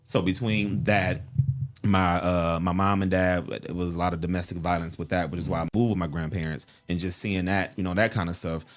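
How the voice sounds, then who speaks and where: A young man with a fairly low voice talks in an open, casual way on a studio talk show. He trails into fillers and restarts as he speaks. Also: steady tone, brisk. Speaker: co-host of a morning talk show. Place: podcast studio.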